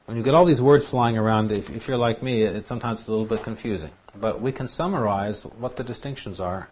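A man preaching a sermon in an animated, emphatic way. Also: lowish voice, fast talker, breathy edge. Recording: dull lo-fi recording.

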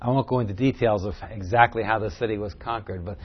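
A man teaching a Bible class, explaining the text and moving between low asides and a louder reading voice. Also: fairly even intonation, quick pace, slightly rough. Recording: dull lo-fi recording.

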